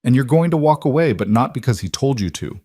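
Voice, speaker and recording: A man's voice: medium pitch, lively intonation, quick pace, warm tone, husky, no room sound, studio quality, pitched above the performer's own voice. A man reading an icy mafia boss. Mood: controlled. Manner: icy, controlled. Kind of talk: audiobook character reading.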